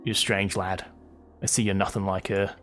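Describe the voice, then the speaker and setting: A man voicing a stern, gruff male dwarf leader while reading game dialogue aloud, in a clipped manner. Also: low-pitched, level tone, normal speed, a bit bright, soft background music, pitched below the performer's own voice.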